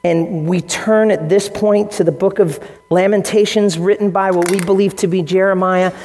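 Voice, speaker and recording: A man's voice: high-pitched, steady tone, normal speed, darkish tone, in a large hall, a little hiss or hum. A male pastor preaching a sermon in an earnest way, acting out the quotes he tells. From United States. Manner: earnest preaching, acts out quotes in shifting voices. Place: church hall.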